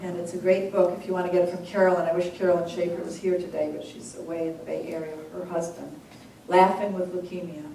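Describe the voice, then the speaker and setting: A woman minister leading a congregation in slow, measured sutra chanting, then speaking softly and conversationally. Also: fairly low pitch, little pitch movement, creaky, slight background noise. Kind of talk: call-and-response sutra chanting and sermon. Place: large hall with a congregation. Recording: echoey hall, voice from far off, congregation audible.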